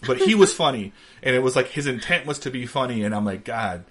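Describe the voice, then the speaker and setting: A man's voice: medium pitch, lively intonation, brisk, a bit bright, breathy edge. A man in his thirties co-hosting a podcast, telling funny stories in casual chat and laughing through the punchlines. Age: 30s. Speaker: podcast co-host.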